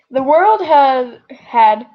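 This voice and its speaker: Slow, rambling woman reading fan fiction. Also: high voice. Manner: rambling, self-interrupting, apologetic. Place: home, late at night. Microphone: built-in device mic, no proper microphone. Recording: lo-fi device mic recording.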